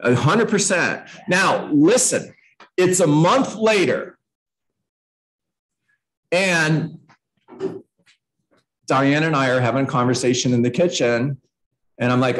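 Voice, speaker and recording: A man's voice: on the high side, lively intonation, slow, long pauses, a bit bright, poor audio. A man giving a live training talk to real estate agents, emphatic, often repeating himself and acting out sample phone calls.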